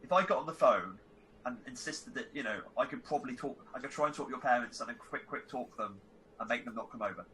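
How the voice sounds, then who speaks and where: Fast, bright-voiced male player. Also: medium pitch, lively intonation, slight background noise, low-quality recording. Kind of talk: casual play chat.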